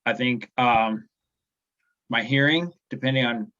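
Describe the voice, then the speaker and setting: Podcast guest, man in his 40s, mid-pitched voice, halting with restarts, muffled remote sound. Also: sharp tone. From USA. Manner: halting, restarts a lot, chuckles at himself. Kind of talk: casual chat.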